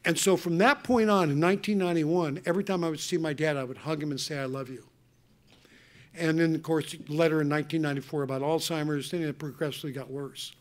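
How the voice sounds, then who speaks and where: Older guy, earnest and animated, lots of restarts, kinda high voice, answering a question at a conference. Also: a little fast. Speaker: speaker answering audience questions. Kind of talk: emotional personal storytelling. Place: conference hall.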